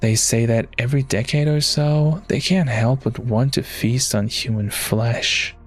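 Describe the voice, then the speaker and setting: A calm woman unfolds a dark village legend in slow, measured words, as a man reads her lines. The voice sits at an ordinary middle pitch. Soft music plays faintly behind her. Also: lightly acted. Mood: ominous. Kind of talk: reading a visual novel aloud.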